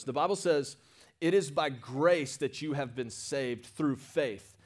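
A man preaching a sermon as pastor, animated, calling the congregation for amens and swinging between hushed asides and loud, excited bursts. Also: fairly high pitch, slow.

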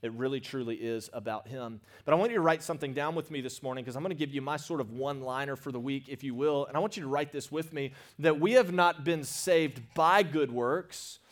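A man preaching a sermon as pastor, animated, calling the congregation for amens and swinging between hushed asides and loud, excited bursts. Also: medium pitch, fairly quick, hardly any pauses.

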